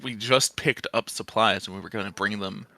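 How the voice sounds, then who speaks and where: A man's voice: on the low side, steady tone, normal speed, pushed and bright, no room sound. A man running a tabletop game as game master, describing scenes casually with lots of fillers.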